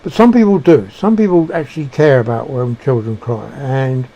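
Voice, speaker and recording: A man giving a reflective monologue, halting and searching for words with frequent restarts. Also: medium pitch, mellow, muffled recording. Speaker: speaker sharing personal beliefs.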